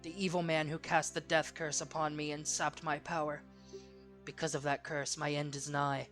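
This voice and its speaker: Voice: mid-range voice, flat delivery, normal speed, fairly bright tone, faint music behind, close to an everyday voice. A let's player voicing a solemn, dying ancient male tree spirit in a game, in formal archaic speech. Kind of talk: let's play character reading.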